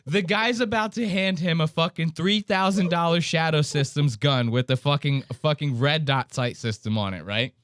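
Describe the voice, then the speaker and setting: A man's voice: fairly high pitch, normal speed, few pauses, a bit bright, no echo, clean studio sound. A man hosting a casual podcast, telling a story with lots of swearing, laughter and acted-out quotes. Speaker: podcast host.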